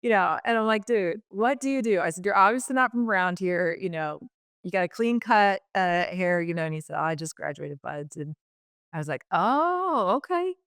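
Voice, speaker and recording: A woman's voice: lowish voice, a little fast, a bit bright, clear, resonant tone, dry recording, studio quality. A middle-aged woman, a podcast guest, telling a personal story frankly and chattily, acting out the dialogue she quotes.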